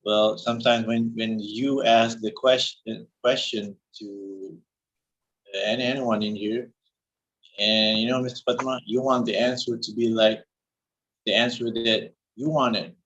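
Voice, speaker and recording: Man, english class student, halting speech, lots of restarts, dull lo-fi call sound. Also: lowish voice, fairly bright tone. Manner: halting, searches for words, many restarts. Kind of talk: speaking practice in an online class.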